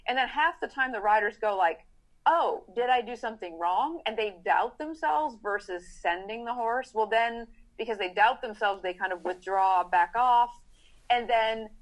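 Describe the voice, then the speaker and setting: Middle-aged woman horse trainer on a podcast, kinda high voice, animated, does little asides. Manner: animated, acts out riders' thoughts in quick asides. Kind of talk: casual explanatory chat.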